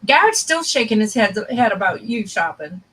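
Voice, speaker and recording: A woman with a fairly high voice co-hosts a casual chat. She teases her friend and answers quickly in a playful back-and-forth. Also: big pitch swings, fairly bright tone, husky, distant mic, poor audio. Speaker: co-host.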